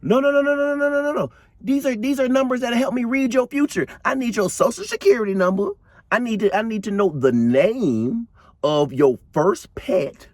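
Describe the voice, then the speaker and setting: Brief: man voicing a smooth-talking woman con artist, high and coaxing, very lively pitch. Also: moderate pace, no echo, studio quality. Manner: wheedling, coaxing, repeating herself.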